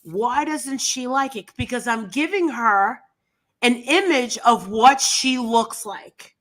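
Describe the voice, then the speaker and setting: A woman hosting a casual commentary show, blunt and openly scornful. Her voice sits high and comes across bright and sharp. She talks in an animated, outspoken way. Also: slow. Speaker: commentary channel host.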